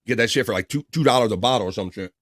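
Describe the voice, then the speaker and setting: A man's voice: lowish voice, very fast, a bit bright, no echo. A man hosting a live stream show, reading the chat aloud and joking loosely as he jumps from one thing to the next. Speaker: livestream show host.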